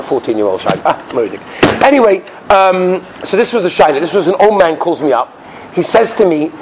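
A man gives a fast, animated lesson on Jewish law, his fairly high voice leaping up and down as he tells stories. He keeps firing rhetorical questions at his students, and a faint room hum sits behind him. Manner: lively storytelling, rhetorical questions, mixes Yiddish and Hebrew terms. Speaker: rabbi teaching Jewish law. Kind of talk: animated lecture with anecdotes.

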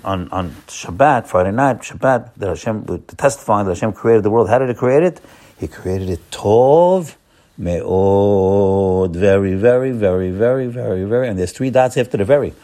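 A man's voice: lowish voice, brisk, darkish tone. A man giving an earnest, repetitive Torah sermon as a rabbi, coaxing his listeners and sprinkling in Hebrew terms.

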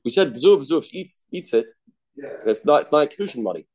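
A man's voice: a little high, lively intonation, a little fast, darkish tone. A man teaching a Talmud lesson, repeating phrases and thinking aloud as he works through the text. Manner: repetitive, thinking aloud, mixing Aramaic terms into English.

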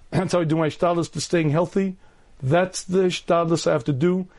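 A middle-aged man, a rabbi, giving an earnest lecture on faith and dating, often clearing his throat. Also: on the high side, a little mellow.

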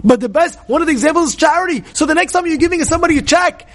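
A man with a very high voice preaches in a passionate style. He repeats key words over and over and often breaks into shouts. His tone swings from hushed and slow to loud and insistent. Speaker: rabbi giving a lecture. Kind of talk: impassioned Torah talk.

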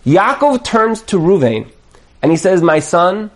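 Rabbi type, male, high voice, animated class lecture, Yiddish words here and there. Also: measured pace. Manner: lively, acts out quoted voices, emphatic repetition; Hebrew and Yiddish words sprinkled in. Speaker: rabbi teaching a Torah class.

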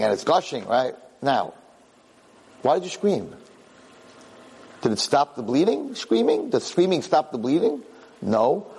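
A husky-voiced middle-aged man gives an impassioned Torah class, slipping into the voices of the people in his stories. His pitch sits somewhat high and swings widely. A long hall reverb hangs behind every word. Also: darkish tone. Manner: storytelling, acts out quotes, impassioned. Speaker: rabbi giving a Torah talk.

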